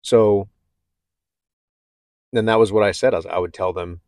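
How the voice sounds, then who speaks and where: A man talking candidly and haltingly about his own struggles, with many restarts. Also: sits low, fairly even intonation, a little mellow, no room sound, clean studio sound. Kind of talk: personal reflective talk.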